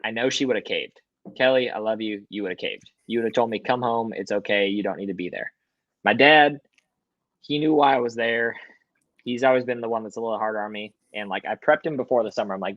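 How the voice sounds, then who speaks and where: A young man, a podcast guest, telling a personal story in a lively, swearing way and acting out quotes, in a hotel room. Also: fairly low pitch, a little fast, no room sound, muffled recording. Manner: animated, swears, acts out quotes. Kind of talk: casual storytelling.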